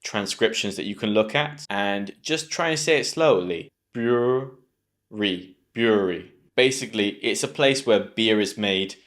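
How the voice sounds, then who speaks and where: British man teaching pronunciation, lowish voice. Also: fairly bright tone. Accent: British English. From Britain. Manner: clear, drills words slowly and repeats them. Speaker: English teacher. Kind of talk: pronunciation lesson to camera.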